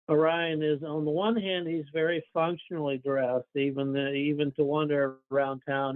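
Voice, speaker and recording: A man narrating a tabletop game as game master, rambling in a relaxed way. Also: medium pitch, smooth, dry recording. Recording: tinny dry phone-like line.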